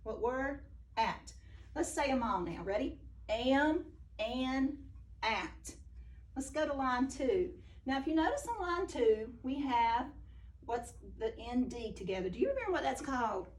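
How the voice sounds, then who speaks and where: A woman teaching a phonics lesson to young children, speaking slowly and praising each answer. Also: high-pitched, sing-song, far from the mic.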